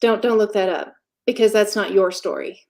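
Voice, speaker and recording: A woman telling her own story as an interview guest, candid and matter-of-fact, pausing often and filling gaps with ums. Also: medium pitch, vocal fry, a little mellow. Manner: halting, with frequent pauses and fillers. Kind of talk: casual conversational storytelling.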